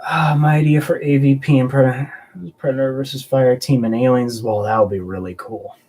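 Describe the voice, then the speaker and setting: A man's voice: medium pitch, steady tone, fairly quick, darkish tone. A man hosting a casual live stream, joking around and answering viewer chat in a rambling way. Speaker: host of a collectibles live stream.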